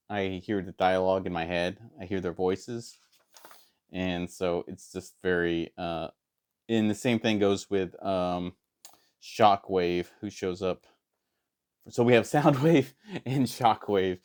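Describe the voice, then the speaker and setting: A man's voice: sits low, a little mellow. A man reviewing a comic book in casual, rambling chat, hesitant with many fillers and restarts.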